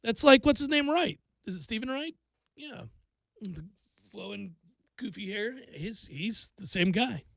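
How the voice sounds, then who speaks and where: A man hosting a sports radio show, chatting casually and telling stories with animated energy and frequent laughter. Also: high voice, measured pace, gravelly, dry recording. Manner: animated storytelling, laughs often.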